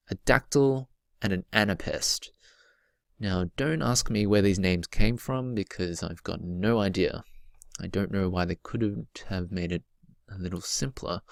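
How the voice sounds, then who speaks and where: Low-voiced man teaching poetry rhythm. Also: creaky, dry recording. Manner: patient, repeats key points, chants rhythms aloud. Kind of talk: recorded slideshow lesson.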